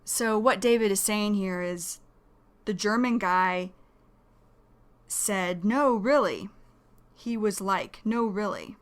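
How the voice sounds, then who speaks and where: A woman's voice: medium pitch, takes it slowly, pauses often. A woman teaching an English vocabulary lesson, explaining words carefully and repeating them.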